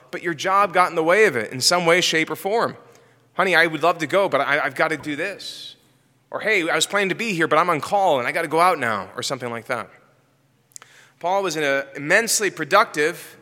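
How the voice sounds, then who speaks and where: A man delivers a sermon with a bright, slightly high voice. He preaches in an emphatic, structured way and often asks rhetorical questions. His voice rings out with a long reverb, as in a church hall. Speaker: pastor.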